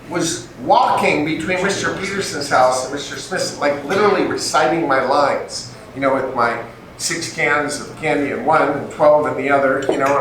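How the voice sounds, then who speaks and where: Animated older man telling stories in a hall. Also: fairly high pitch. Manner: animated, acts out voices in his stories. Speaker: speaker at an event. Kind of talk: storytelling talk to a live audience. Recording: echoey hall from far off, faint noise.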